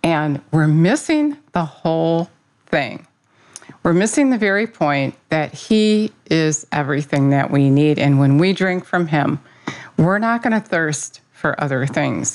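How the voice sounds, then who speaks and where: Over a rough recording, a woman with a low, slightly mellow voice leads a casual devotional talk. She opens in prayer before sharing about her faith, sounding earnest and chatty while using fillers and correcting herself along the way.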